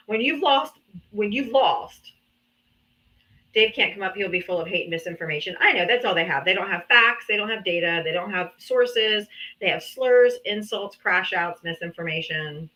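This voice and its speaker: Bright-voiced teasing woman streamer. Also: mid-range voice, moderate pace. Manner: teasing, sarcastic, talks down to commenters. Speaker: livestream debate host. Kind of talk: casual live-stream talk. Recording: dull lo-fi stream audio.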